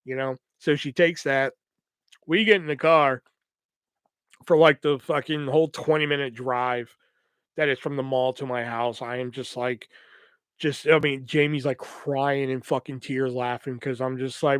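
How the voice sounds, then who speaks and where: A young man spins a rambling, swear-filled story on his podcast, slipping into quick voices for the people he quotes. His voice sits a bit high for a man. The sound is dry and close, with no room around it. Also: no echo. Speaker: podcast host. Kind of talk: casual storytelling.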